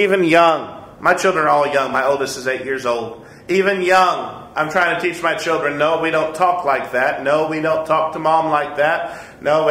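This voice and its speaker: Bright earnest man teaching in echoey church. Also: medium pitch. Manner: earnest, repeats points, chuckles at himself. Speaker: Sunday school teacher. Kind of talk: conversational Bible lesson. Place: church room.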